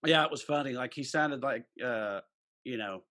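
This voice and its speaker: A man's voice: mid-range voice, normal speed, sharp tone. A man, co-hosting a podcast and telling a rambling story in casual chat. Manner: rambling storyteller with many fillers. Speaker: podcast co-host.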